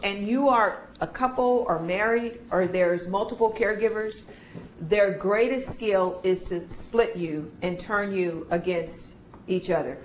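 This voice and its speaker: A woman's voice: mid-range voice, measured pace. Woman trainer leading a workshop. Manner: animated, acts out kids' voices in stories. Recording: echoey room with faint noise.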